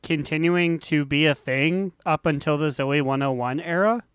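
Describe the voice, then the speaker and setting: A man co-hosting a casual gaming podcast, making deadpan absurd jokes. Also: fairly high pitch, moderate pace, clear, resonant tone, dry recording, studio quality. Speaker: podcast co-host. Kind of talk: casual chat.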